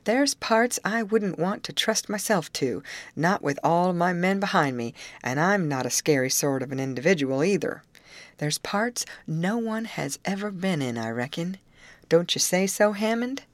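A woman reading aloud, voicing a rough but honest middle-aged male labor contractor in a blunt, folksy way. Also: on the low side, animated, normal speed, no room sound, voice pushed up, natural voice. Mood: gruff, hearty.

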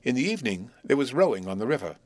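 A man reading a classic novel aloud as a narrator, with measured, expressive storytelling. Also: mid-range voice, no room sound. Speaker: audiobook narrator.

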